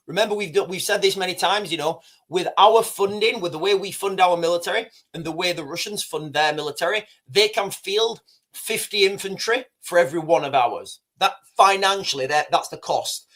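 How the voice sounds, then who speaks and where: A man's voice: sits high, moderate pace, fairly bright tone. A man hosting a casual livestream, rambling, repeating himself and talking straight to his chat. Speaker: livestream host.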